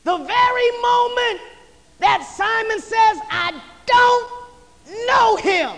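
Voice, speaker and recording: Preacher with a very high voice, delivering a slow, passionate sermon in a reverberant church, shouts alternating with near-whispers. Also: expressive. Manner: impassioned, swinging between shouted lines and hushed passages; repetitive, rhythmic build-up of phrases. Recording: long hall reverb.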